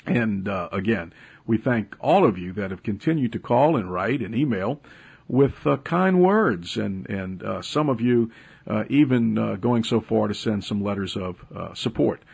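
A man's voice: fairly low pitch, lively intonation, unhurried, creaky, a little mellow, breathy edge. A man who is a pastor, giving a radio Bible teaching broadcast, talking conversationally with many fillers and rising emphatically when he stresses his points.

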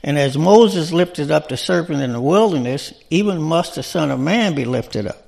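A man's voice: fairly high pitch, expressive, moderate pace, vocal fry, a little mellow. A man preaching a sermon in a conversational style, often asking his listeners rhetorical questions.

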